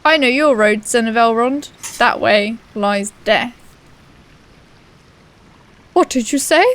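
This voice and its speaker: A woman's voice: a little high, slow pace, a bit bright. A woman voicing a scheming male dwarf seer in a put-on Cockney accent, giving doom-laden warnings. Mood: ominous.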